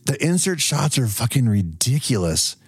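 A man co-hosting a casual movie review podcast, animated and profane, laughing often. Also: mid-range voice, normal speed, husky, no room sound, studio quality. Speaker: podcast co-host.

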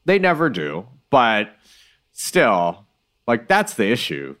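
A man co-hosting a podcast, chatting casually with animated swings from mumbled asides to loud outbursts. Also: medium pitch, slow. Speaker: podcast co-host. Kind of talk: casual chat.

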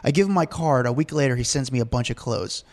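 Fast-talking man telling stories on a podcast. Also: mid-range voice. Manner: rambling, animated, acts out quotes. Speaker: podcast co-host. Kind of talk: casual storytelling chat.

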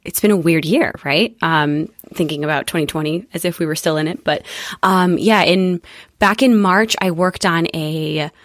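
A young woman from the UK, raised in Spain and the USA, talking casually as a podcast guest in a lively, chatty way with plenty of fillers. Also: on the low side, moderate pace, no echo, clean studio sound. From UK-born, raised in Spain and the USA. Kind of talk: casual conversational chat.

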